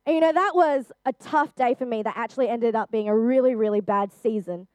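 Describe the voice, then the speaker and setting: A young woman shares a personal testimony in an earnest, chatty way, with lots of "um" and "like." Her voice sits slightly high. The sound is close and dry, with no room echo. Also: a little fast, a little mellow. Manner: earnest, chatty, with frequent fillers. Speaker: youth speaker.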